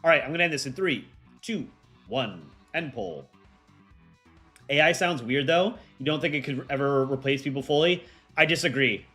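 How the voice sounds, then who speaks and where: A man's voice: medium pitch, lively intonation, moderate pace, bright, forceful tone, soft background music. A young man hosting a livestream, chatting casually and rambling with lots of fillers. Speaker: livestream host.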